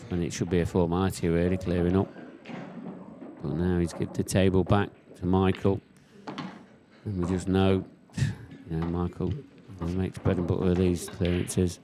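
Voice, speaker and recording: A man calls a live pool match in an easygoing, conversational way, reading out comments from viewers between shots. His voice sits low and stays level, with little rise and fall. The stream audio carries a steady hiss and occasional clicks. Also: normal speed. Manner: casual, chatty, reads viewer comments aloud.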